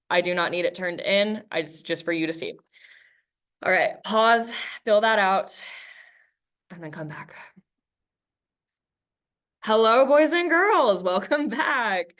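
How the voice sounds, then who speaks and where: A woman's voice: lowish voice, a bit bright. Woman teacher reading aloud to class. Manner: conversational, acts out quoted dialogue while reading.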